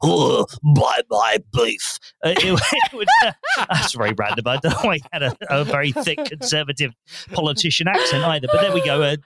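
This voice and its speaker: A man's voice: a little high, huge pitch swings, fast, a crowd in the background. A man co-hosting a podcast, chatting in a jokey, rambling way with many restarts. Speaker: podcast co-host. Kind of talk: casual chat.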